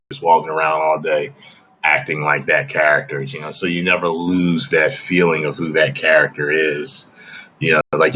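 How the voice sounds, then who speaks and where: A man's voice: very deep voice, bright, forceful tone, muffled recording. A man hosting a casual livestream chat, talking emphatically and often checking in with the audience. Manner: emphatic, keeps asking "okay?". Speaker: livestream host.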